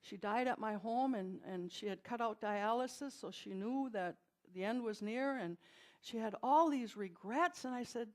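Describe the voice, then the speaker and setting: An older woman minister delivers a sermon in a notably high voice. She talks in a folksy, storytelling way and slips in dry, wry humor. She is from Milwaukee and preaches in a church. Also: moderate pace. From Milwaukee, USA.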